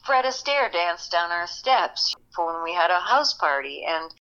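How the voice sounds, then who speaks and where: Older woman reminiscing with bright energy. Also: fairly low pitch, measured pace, highs cut off. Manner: animated, reminiscing, laughs often. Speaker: actress guest. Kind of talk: interview storytelling.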